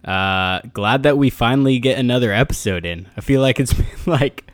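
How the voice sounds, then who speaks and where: A man co-hosting a casual sports podcast, relaxed and laid-back, chuckling now and then, on a remote call microphone. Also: mid-range voice, moderate pace, no room sound. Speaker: podcast co-host.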